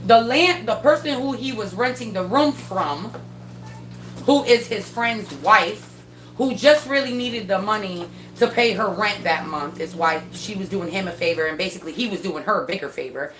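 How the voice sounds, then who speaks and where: A woman casually telling a story about her son, animated and swearing freely as she acts out what people said. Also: mid-range voice, moderate pace. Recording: echoey room with faint noise.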